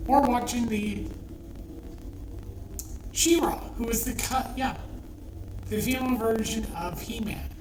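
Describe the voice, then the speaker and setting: A woman's voice: a little high, steady tone, takes it slowly, pauses often. A middle-aged woman delivering an angry, profane rant as an online commentator, heated and repetitive. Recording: echoey room, distant from mic, faint noise.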